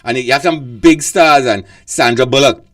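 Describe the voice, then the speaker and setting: A man's voice: medium pitch, moderate pace, fairly bright tone. A man, hosting a casual radio chat show, rambling with lots of fillers and laughs.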